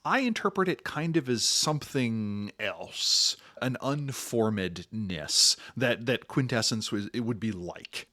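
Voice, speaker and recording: A man co-hosting a podcast, explaining tabletop game lore in animated storytelling. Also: fairly low pitch, no echo, clean studio sound. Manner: animated storytelling, slips into silly voices. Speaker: podcast co-host. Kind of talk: casual podcast discussion.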